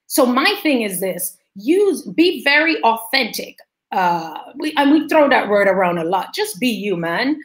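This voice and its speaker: A woman with a light Jamaican accent, an energetic business coach speaking emphatically in a video-call interview. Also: on the high side, measured pace. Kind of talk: interview conversation.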